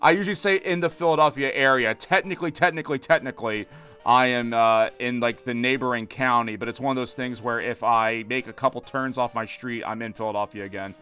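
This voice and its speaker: A man's voice: medium pitch, a little fast, bright, forceful tone, soft background music. A man in his thirties streaming a game, chatting in a loose, rambling way full of restarts. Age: 30s. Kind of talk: casual let's-play chat.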